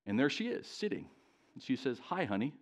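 A middle-aged man preaching before a congregation, his pitch rising and falling in lively swings as he tells a story. He is self-deprecating and keeps asking the room questions. His voice sits at a middle pitch. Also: brisk. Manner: animated, self-deprecating, talks straight to the congregation. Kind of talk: storytelling sermon. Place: church, live before a congregation.

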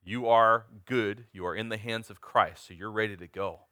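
A man's voice: on the low side, steady tone, moderate pace, sharp tone, no echo, studio quality. A man in his forties preaching a sermon, earnest and emphatic, asking the congregation direct questions. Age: 40s.

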